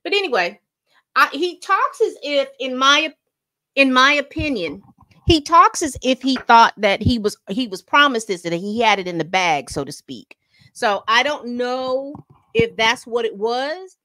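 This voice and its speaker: A woman hosts a casual commentary video, speaking straight to her viewers. Her voice sits a little high, and she talks in a chatty way, circling back and repeating words as she goes. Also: expressive, unhurried, sharp tone. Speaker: commentary channel host.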